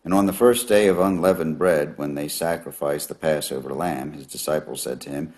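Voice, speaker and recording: A man reading a long Bible passage aloud in a measured, steady way. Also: rumbling low. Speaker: scripture reader.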